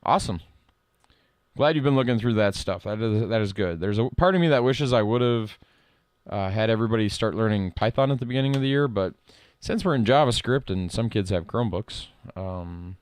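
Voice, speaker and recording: A middle-aged man streaming live code work, reading lines aloud and thinking out loud in a casual way. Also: fairly low pitch, brisk, clean tone, dry recording. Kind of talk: casual live-coding commentary.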